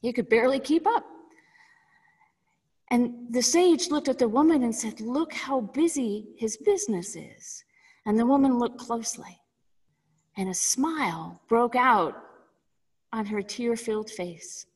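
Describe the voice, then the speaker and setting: A woman minister delivering a sermon with measured storytelling. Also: fairly high pitch, husky, in a large hall, poor audio.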